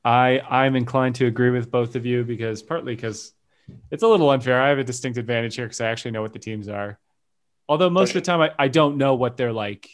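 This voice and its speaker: A man's voice: medium pitch, fast. Male podcast host, casual, playful, laughs at his own lines. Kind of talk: casual chat.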